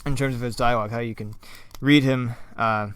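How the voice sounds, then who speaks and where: A man's voice: medium pitch, steady tone, brisk, fairly bright tone, clean tone. A man reading his own play script aloud, rambling casually with many fillers and asides.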